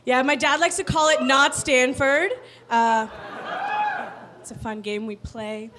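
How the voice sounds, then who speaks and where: A woman's voice: high-pitched, very noisy. Sarcastic young stand-up woman. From Virginia, United States. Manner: dry, sarcastic, quick asides. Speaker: stand-up comic. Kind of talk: stand-up comedy set.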